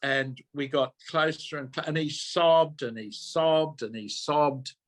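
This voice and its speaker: Slow-talking older man. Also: a little high. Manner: earnest, repeats himself, self-interrupting. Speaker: minister giving a talk. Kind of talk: personal storytelling talk.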